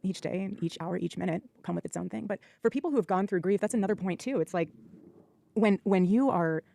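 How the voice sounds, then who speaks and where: A woman's voice: mid-range voice, fast talker, gravelly, warm tone. Earnest woman giving a defiant testimony. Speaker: speaker in a faith Q&A.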